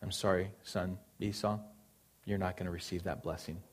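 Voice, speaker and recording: A man's voice: low voice, fairly even intonation, moderate pace. A man preaching a sermon, earnest and emphatic, repeating phrases for stress.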